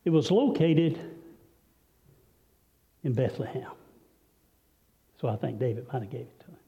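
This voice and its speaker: A male preacher delivering a sermon, telling a story with dramatic swings between loud, high passages and hushed, low ones. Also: expressive, a little slow. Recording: dull, lo-fi recording with long hall reverb.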